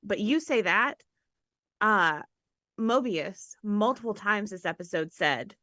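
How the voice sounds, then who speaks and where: Excitable woman podcast co-host. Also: mid-range voice, takes it slowly, dry recording, clean studio sound. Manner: excitable, swears casually, restarts often. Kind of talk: casual chat reviewing a TV episode.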